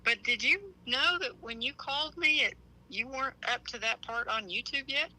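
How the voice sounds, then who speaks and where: A woman's voice: fairly high pitch, normal speed, pushed and bright, poor audio. A woman on a speakerphone call, talking plainly and matter-of-factly in casual chat. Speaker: caller on speakerphone.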